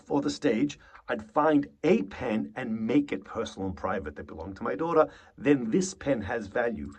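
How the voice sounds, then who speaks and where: A husky-voiced male acting coach whose pitch swings widely as he explains his method. He acts out little example lines as he goes and swears without holding back. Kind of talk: acting lesson to camera.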